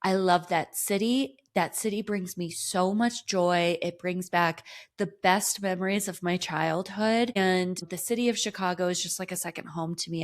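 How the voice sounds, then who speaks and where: Peppy woman coach on her podcast, excited and encouraging, medium voice. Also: mid-range voice. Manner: upbeat, enthusiastic, motivational. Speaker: running coach and podcast host. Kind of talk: solo podcast talk.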